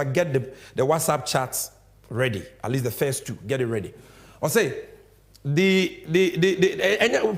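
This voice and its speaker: A young Ghanaian man delivering fiery political commentary. His voice sits high for a man, and his pitch swings widely as he hammers home each point. He talks in an emphatic, animated way. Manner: animated, emphatic, switching between English and Twi.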